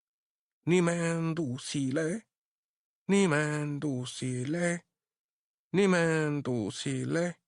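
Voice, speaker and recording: A male audiobook narrator voicing a crazed old man who chants slowly in a high, off-key sing-song. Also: no room sound, clean studio sound. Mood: eerie chant.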